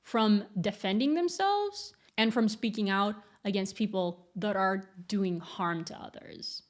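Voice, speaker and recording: A young adult woman talking candidly to camera as a YouTuber, blunt and quick to laugh. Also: mid-range voice, animated. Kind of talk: casual commentary to camera.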